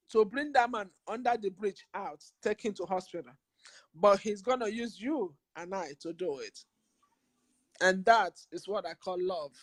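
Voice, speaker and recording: A Nigerian woman with a Nigerian English accent makes an impassioned vlog appeal to her community, emphatic and preachy, leaning heavily on repeated phrases. Her voice is medium-pitched, recorded without echo.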